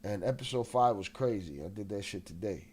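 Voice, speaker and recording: A man's voice: lowish voice, fairly quick, a little mellow, a little hiss or hum. A man hosting a casual livestream, restless and agitated, swearing often and greeting chat members, with a slightly nasal voice. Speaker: livestream host.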